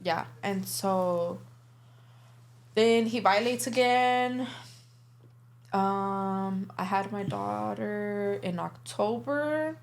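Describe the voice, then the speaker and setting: A woman's voice: medium pitch, drawn-out words, vocal fry. A young woman guest recounting her life in a casual interview, candid and profane, with plenty of filler words.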